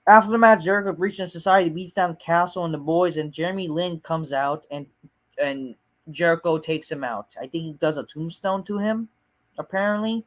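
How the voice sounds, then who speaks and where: A man's voice: a little high, normal speed. Rambling, swearing male show reviewer. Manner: rambling and dismissive, heavy swearing and fillers. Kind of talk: casual ranting review.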